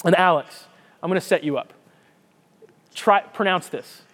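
A man's voice: high voice, unhurried. A man preaching a conversational sermon, reading scripture and explaining it with frequent restarts. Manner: lively, conversational, repeats words while thinking. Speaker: pastor.

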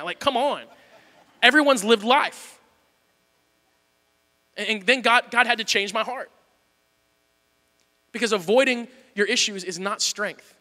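A man preaching a sermon in a church, candid and self-deprecating, moving between hushed talk and shouting. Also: high voice, long reverb tail. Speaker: pastor.

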